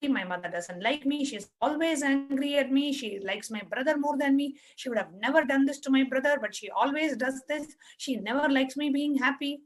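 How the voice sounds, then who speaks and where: Woman facilitator with a high voice; patient, repetitive, step-by-step guidance for an online workshop. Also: normal speed, few pauses, low-quality recording. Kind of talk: guiding an online spiritual workshop.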